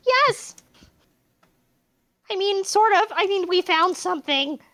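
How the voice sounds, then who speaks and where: A woman's voice: very high-pitched, expressive, slow pace, bright, forceful tone, voice pushed up, exaggerated voice. A woman reading out a young woman's lines from a game, calling out urgently. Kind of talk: reading game dialogue aloud.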